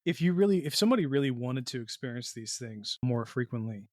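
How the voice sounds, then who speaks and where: A man's voice: medium pitch, expressive, quick pace, dry recording, clean studio sound. A man hosting a podcast, asking long, rambling questions and thinking aloud with examples. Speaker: podcast host. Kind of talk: casual interview questions.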